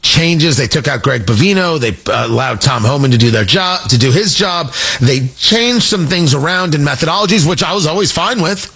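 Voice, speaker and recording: Husky, animated talk radio host. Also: male voice, fairly high pitch, normal speed, hardly any pauses. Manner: sarcastic, emphatic, mocking. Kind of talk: political talk radio monologue.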